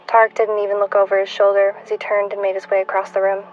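A woman in her twenties reading her own fiction aloud in a measured, hushed way, at times dropping to a whisper. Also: medium pitch, completely flat delivery, soft background music, low-quality recording. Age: 20s. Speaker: author.

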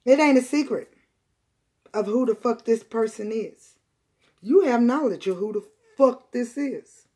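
A woman reading tarot cards for her viewers, blunt and profane, repeating lines for emphasis and swinging between loud outbursts and quiet, emotional asides. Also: fairly high pitch, a little slow, slightly rough. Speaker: tarot reader.

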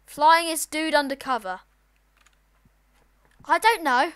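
A woman giving casual, excitable let's-play commentary with sudden loud outbursts. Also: on the high side, slow, pauses often, clean tone. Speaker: gaming channel host.

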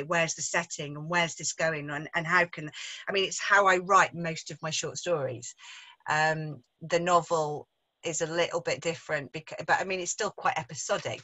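An English woman with a Midlands accent, a writer chatting casually about her craft, self-deprecating and quick to laugh. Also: lowish voice, pushed and bright, poor audio. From England. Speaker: author in conversation. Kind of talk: casual literary discussion.

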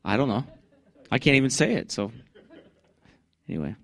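A man preaching a fervent Baptist sermon, swinging from conversational asides into loud, high-pitched bursts of scripture. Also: big pitch swings, normal speed, gravelly, long pauses, no echo, studio quality.

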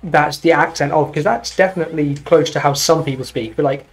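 A man's voice: a little high, a little fast. A British man chatting casually and wryly while playing a game with friends, rambling a little. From Britain. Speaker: gamer streaming with friends. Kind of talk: casual gameplay chat.

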